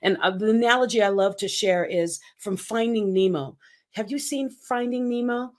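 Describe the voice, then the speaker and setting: A woman's voice: medium pitch, normal speed. A woman in her fifties, a guest speaking coach, talking in punchy, emphatic motivational bursts. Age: 50s. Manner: emphatic, punchy short phrases. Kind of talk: energetic motivational interview talk.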